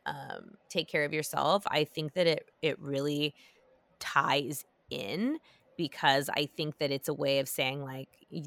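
A woman's voice: low-pitched, a bit bright, no echo. A woman hosting a podcast, chatting casually with lots of fillers and restarts. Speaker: podcast host. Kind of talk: casual chat.

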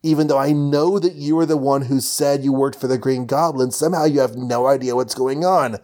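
A man voicing a menacing male hunter villain with a put-on Russian accent, speaking slowly and threateningly. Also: mid-range voice, fairly even intonation, darkish tone, lightly acted.

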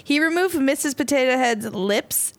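A woman's voice: high-pitched, animated, moderate pace, dry recording. A young woman co-hosting a casual podcast chat, chatty and giggly, rambling through her stories. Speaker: podcast co-host.

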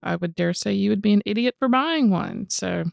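A woman's voice: mid-range voice, moderate pace, vocal fry, no room sound, studio quality. A woman co-hosting a podcast in casual chat, blunt and frank in her asides. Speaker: podcast co-host.

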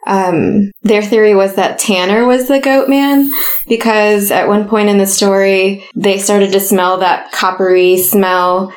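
A woman chats earnestly on a podcast, sharing her thoughts at a middling pitch. Her voice carries a noticeable roomy echo. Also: fairly even intonation, unhurried. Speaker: podcast co-host. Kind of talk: casual chat.

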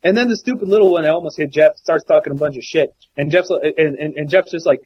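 A man co-hosting a podcast, telling a story in casual chat, profane and animated with many restarts. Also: on the high side, fast talker, few pauses, breathy edge, dry recording, muffled recording. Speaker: podcast co-host.

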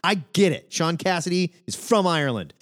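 A man co-hosting a comic book call-in podcast, chatting casually, animated and often laughing. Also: a little high, fairly quick. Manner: animated, laughing, mocks accents in exaggerated bursts. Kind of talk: casual chat.

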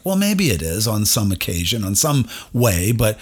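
Male podcast host, husky tone, animated storyteller. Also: fairly low pitch, moderate pace. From New England. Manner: animated storyteller acting out quoted voices. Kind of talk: casual interview storytelling.

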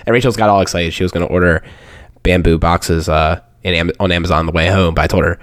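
Deep-voiced man in dry close sound. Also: fairly even intonation, fast talker, no room sound. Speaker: podcast co-host. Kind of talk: casual chat.

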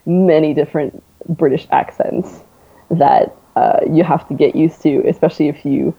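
A woman's voice: sits low, fairly even intonation, moderate pace, creaky, mellow, breathy edge. A young Canadian woman with a North American accent, chatting casually as an interview guest and laughing often between fillers. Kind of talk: casual conversation. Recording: tinny phone-like line.

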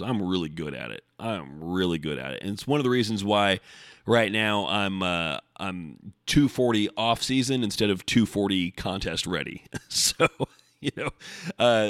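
A man's voice: on the low side, a bit bright, no echo, studio quality. A man hosting a casual solo podcast from home, blunt and profane, rambling with restarts. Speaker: podcast host. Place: home, recording before the gym.

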